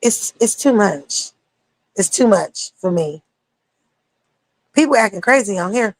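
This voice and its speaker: A woman's voice: medium pitch, animated, a little slow, no room sound. A young woman talking casually on a livestream, blunt and profane, rambling between topics as a streamer.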